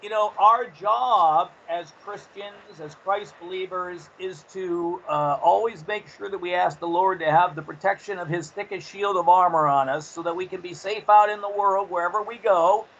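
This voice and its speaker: A man speaks high in his range as a guest, earnest and rambling, restarting sentences as he tells faith stories. The audio is dull and lo-fi, with clear steady noise underneath. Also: normal speed, few pauses. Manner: earnest, rambling, repeats words when starting sentences. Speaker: guest, author and adventurer. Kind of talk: faith-driven storytelling interview.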